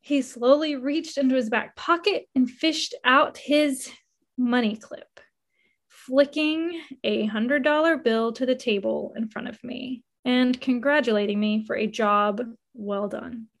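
A woman narrating a first-person memoir in an expressive reading that rises with emotion. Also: on the high side, unhurried.

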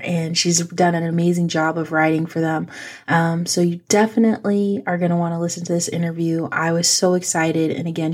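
A woman's voice: fairly low pitch, a little mellow. A woman hosting a podcast, narrating casually and chattily, with lots of ums and self-deprecating asides. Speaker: podcast host.

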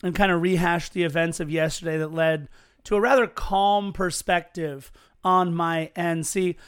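A man's voice: on the high side, fairly even intonation, moderate pace, a bit bright, smooth. A man co-hosting a casual sports podcast, telling stories in a chatty, earnest way. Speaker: podcast co-host.

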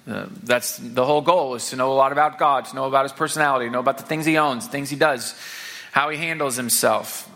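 A man's voice: medium pitch, a bit bright. A man from the Saint Louis area preaching a sermon to his church in a conversational way, with fillers and repeated words. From Saint Louis area, Missouri. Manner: reads scripture aloud, slowing for emphasis. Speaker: pastor.

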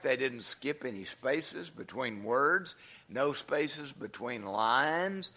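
A man's voice: mid-range voice, bright, forceful tone. An older man preaching a sermon in a folksy, humorous way, drawing out his words. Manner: folksy, humorous, drawn-out delivery.

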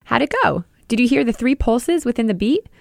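A woman hosting an educational podcast, explaining ideas clearly in scripted narration and speaking straight to the listener. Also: on the high side, expressive, fairly quick, over music. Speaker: podcast host and music teacher.

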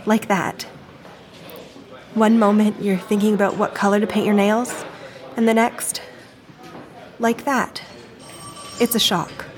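An actress playing a grieving, distraught woman who took a baby, in an audio drama, speaking in a shaky, pleading, quiet way. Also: medium pitch, flat delivery, takes it slowly, pauses often, lightly acted. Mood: distraught confession.

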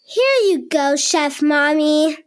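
A woman's voice: high-pitched, expressive, takes it slowly. A woman voicing an eager, cheerful, curious little girl in a children's cartoon. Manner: eager and bubbly.

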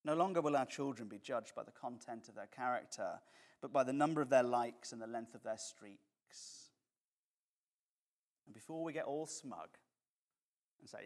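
A man's voice: a little high, expressive, unhurried, fairly bright tone. A man preaching a conversational sermon as pastor, mixing jokes and acted quotes.

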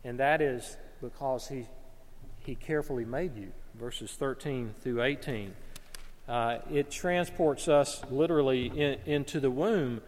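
A man's voice: mid-range voice, a little slow, darkish tone, big-room sound. A man from North Alabama, preaching a sermon in an earnest manner and often repeating words as he searches for them.

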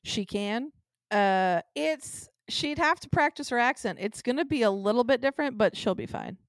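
A woman co-hosting a podcast drifts from thought to thought, filling pauses with ums and laughing often. Her voice sits fairly high, and the sound is close and dry with no room echo. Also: animated. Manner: rambling, with many ums and frequent laughs. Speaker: podcast co-host. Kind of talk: casual chat.

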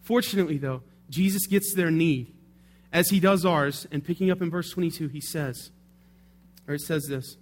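A man's voice: fairly high pitch, normal speed. A male pastor preaching a sermon in a conversational way, often checking in with tag questions.

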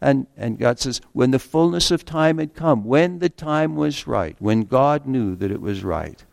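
A man preaching a sermon in an earnest way, slowing down to read scripture aloud and stumbling over the odd restart. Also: mid-range voice, lively intonation, gravelly, darkish tone, dry recording, studio quality.

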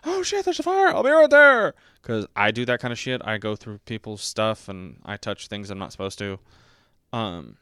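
A man in his 20s hosts a podcast reviewing a movie, rambling and mocking himself in a clear, dry, bright and forceful voice with no echo. He often slips into squeaky, high put-on voices during his casual commentary.

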